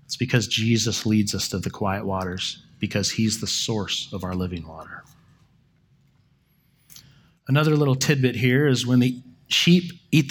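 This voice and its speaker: Male preacher of middling pitch, telling stories from the pulpit in a relaxed, conversational manner. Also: breathy edge. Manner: conversational, with self-corrections and dramatic pauses. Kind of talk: storytelling sermon.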